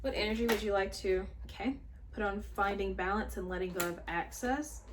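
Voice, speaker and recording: A woman's voice: medium pitch, a little fast, noisy background. A woman chatting her way through a tarot reading, thinking aloud with many fillers and asides. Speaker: tarot reader. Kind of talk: casual spiritual tarot reading.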